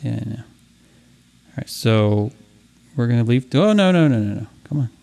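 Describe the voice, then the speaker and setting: Animated man chatting over a video game. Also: mid-range voice, normal speed, vocal fry. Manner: animated, playful, reads game dialogue aloud in voices. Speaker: podcast co-host. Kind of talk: casual chat while playing a video game.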